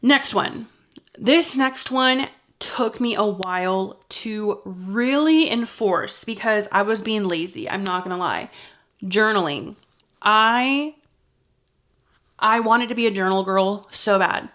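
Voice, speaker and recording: A young lifestyle vlogger talks to the camera in a medium-pitched, fairly bright voice. She's casual and confessional, chatty and earnest, and sometimes grows emotional before laughing it off.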